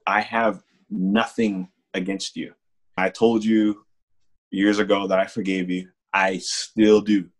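A young man giving a candid personal testimony in casual storytelling, halting, with restarts and small laughs, slowing on heartfelt lines. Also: on the low side, little pitch movement. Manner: slows and softens on heartfelt lines. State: emotional, holding back tears. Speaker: testimony speaker.

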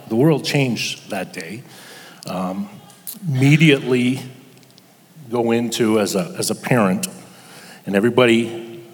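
An older man telling a personal story as a guest before an audience, halting with pauses and restarts. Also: lowish voice, long reverb tail. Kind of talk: personal testimony to a live audience.

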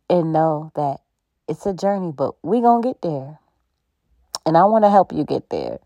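A woman gives a faith-based pep talk to her podcast listeners. Her voice sits slightly low, and her delivery is conversational and preachy, with frequent laughter. The recording is close and dry. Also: dark tone, dry recording. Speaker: podcast host.

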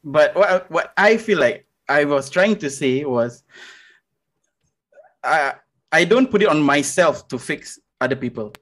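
A man co-hosting a casual comedy podcast who talks in a relaxed, easygoing way and calls people "bro" and "man". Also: on the high side, a little slow.

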